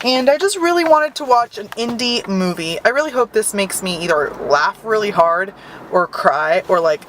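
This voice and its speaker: A woman's voice: medium pitch, a bit bright, slight background noise, rough recording. A young adult woman talking casually to camera in a bubbly, upbeat, chatty vlog. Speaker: vlogger.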